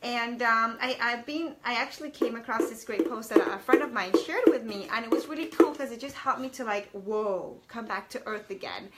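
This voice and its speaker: A woman's voice: on the high side, moderate pace, hardly any pauses, heavy background noise. A woman in her thirties chatting casually to camera as a parenting vlogger, rambling a little with fillers and restarts.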